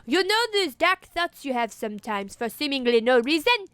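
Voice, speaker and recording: A woman voicing a female curator, slow and sinister. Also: high-pitched, big pitch swings, a bit bright, no room sound. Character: French female curator, dark and eerie.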